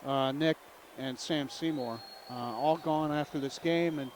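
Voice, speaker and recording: Guy calling a hoops game play by play, kinda high voice, faint background noise. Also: unhurried. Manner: chatty, jokey, calls the plays. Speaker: play-by-play announcer. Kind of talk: local sports commentary.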